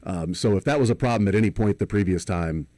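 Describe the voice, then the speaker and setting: A man's voice: fairly low pitch, quick pace, mellow, no echo. Man rambling on sports radio. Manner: rambling, thinks aloud with analogies. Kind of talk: casual sports talk. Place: radio studio.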